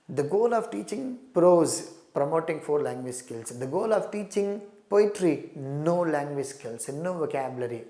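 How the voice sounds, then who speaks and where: A man's voice: fairly high pitch, mellow. A man with a Telugu-influenced Indian English accent teaches an exam-prep lesson in an emphatic, repetitive way and keeps calling his listeners "my friends". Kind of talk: recorded lecture. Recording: echoey room.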